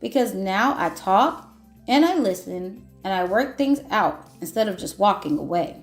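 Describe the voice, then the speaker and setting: A woman reading aloud as a once-grumpy grape who has learned to forgive, in a gentle, reflective storybook manner. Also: medium pitch, lively intonation, unhurried, echoey room, faint music behind. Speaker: children's book reader. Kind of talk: picture book read-aloud.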